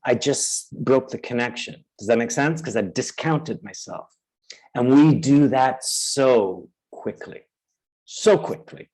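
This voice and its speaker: A man presenting a webinar who acts out inner voices with sudden high cries and keeps checking in with his audience. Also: expressive, slow pace, darkish tone, low-quality recording. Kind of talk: webinar teaching.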